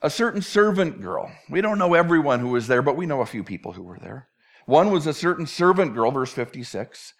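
A male preacher with a fairly high voice teaches a sermon verse by verse. He keeps it conversational and drops in playful acted asides along the way. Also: sing-song, moderate pace, a bit bright. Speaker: pastor.

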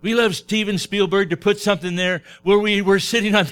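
A man preaching a sermon, retelling stories with acted-out dialogue in an animated way. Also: sits high, a little fast, clear, resonant tone. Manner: animated storytelling, acts out dialogue.

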